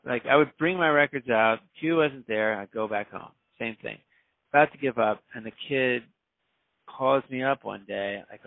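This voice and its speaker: A man's voice: medium pitch, creaky, dry recording. A man, a DJ, telling a story casually and acting out the voices of the people in it. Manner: animated, acts out quoted voices. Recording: dry, phone-like narrow sound.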